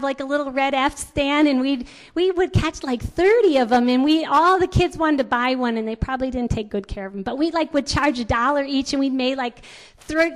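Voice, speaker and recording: High-voiced woman giving a parenting talk. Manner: chatty, storytelling, many fillers and restarts. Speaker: parenting speaker. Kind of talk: talk on raising children.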